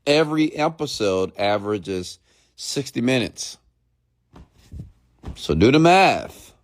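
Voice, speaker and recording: A man coaching his live-stream audience, speaking slowly and deliberately and often checking in with them. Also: medium pitch, animated. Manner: slow, deliberate speech with long pauses, often checking in with the audience; mimics fast rambling talk to show the contrast.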